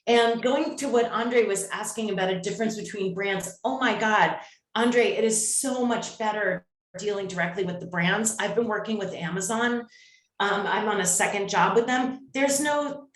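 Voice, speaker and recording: Animated woman ranting in an echoey room. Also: a little high. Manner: animated, ranting, quick bursts. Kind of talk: casual group discussion.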